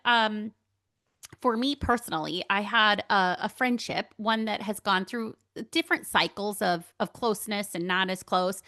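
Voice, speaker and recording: A woman in her young adult years hosts a spiritual podcast, talking through her own experiences in a loose, candid way. She laughs easily and fills pauses with "um" and "like". Her voice sits at a middle pitch, recorded dry and close with no room echo. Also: bright, forceful tone. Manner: chatty, candid, laughs often, many fillers. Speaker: podcast host. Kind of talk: casual spiritual monologue.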